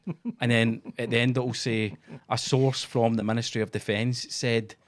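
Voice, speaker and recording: A man's voice: mid-range voice, flat delivery, moderate pace. A Scottish man co-hosting a casual, sweary podcast chat and telling mocking stories. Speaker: podcast co-host.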